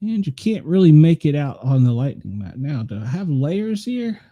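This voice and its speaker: Man, tennessee accent, casual weather radar commentary, rambling, self-mocking, lively pitch, very dark mellow tone. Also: moderate pace, dry recording. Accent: Tennessee Southern. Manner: rambling, self-mocking, thinks aloud while clicking around. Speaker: show host.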